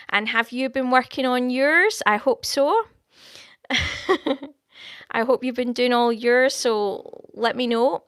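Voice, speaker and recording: A Scottish woman talks to her livestream viewers, reading out their comments and speaking prophecy over them. Her voice sits a touch high and sounds clear and smooth. The studio mic picks it up close and dry, with no room around it. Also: a bit bright, no room sound. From Scotland. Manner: chatty, reads out viewer comments and thanks them. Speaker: livestream host giving prophecy. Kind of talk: live-stream chat and prophecy. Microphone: studio microphone.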